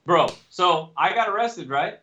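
A young adult man co-hosting a casual podcast, his voice pitched high and ringing bright. He tells heated, profane stories. The recording sounds dull and lo-fi. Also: expressive, a little slow. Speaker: podcast co-host. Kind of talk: casual chat.

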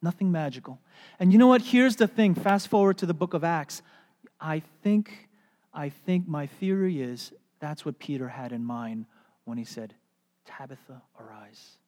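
A pastor preaching a sermon, animated and storytelling, then going soft and hushed. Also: mid-range voice, moderate pace, in a large hall. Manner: animated storytelling, drops to soft hushed tones for quoted words.

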